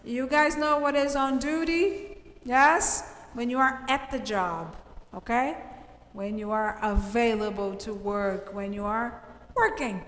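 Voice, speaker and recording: A woman teaches an English grammar lesson, speaking slowly and stressing her points. Her voice sits high, and the recording sounds roomy with a long echo and faint ambience behind her. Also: a bit bright. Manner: emphatic, explains slowly with checks of "okay?". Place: classroom.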